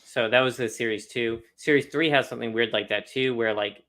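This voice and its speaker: A man's voice: mid-range voice, brisk, a crowd in the background. A young man co-hosting a casual, chatty talk about trading cards, laughing often. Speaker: co-host of a card collecting show. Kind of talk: casual chat.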